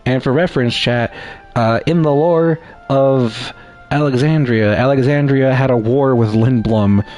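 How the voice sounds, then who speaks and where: A man's voice: medium pitch, measured pace, darkish tone, faint music behind. A man giving casual, rambling commentary while playing a game, joking at his own expense. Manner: rambling, self-deprecating, lots of fillers and restarts. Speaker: gaming streamer.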